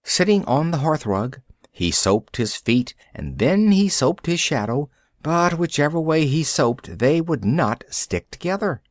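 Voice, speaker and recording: Storybook narrator for English learners: a man with a lively pitch and a dry, close sound. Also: unhurried, no echo.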